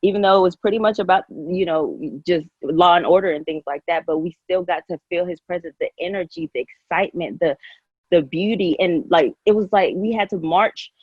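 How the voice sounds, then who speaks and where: A woman in casual conversation, gushing and rambling with lots of fillers. Her voice is a little husky and sits slightly low, and the sound is dull and lo-fi, with a dry room. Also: brisk, dry recording. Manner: emotional, effusive, rambling with many fillers. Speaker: podcast guest.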